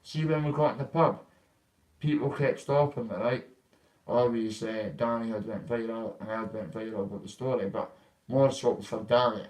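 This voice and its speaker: A man's voice: medium pitch, steady tone, moderate pace, a little mellow, rough recording. A man from Dundee with a Scottish accent, telling a long story in casual, rambling speech full of swearing and Scots grammar. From Dundee, Scotland. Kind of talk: casual spoken anecdote.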